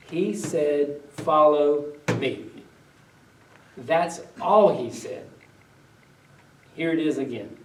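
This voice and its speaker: A man's voice: fairly high pitch, a little hiss or hum. A male pastor preaching a conversational sermon, reading old-style scripture aloud and then retelling it in everyday words while asking the congregation questions. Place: church sanctuary. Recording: echoey room, voice from a distance.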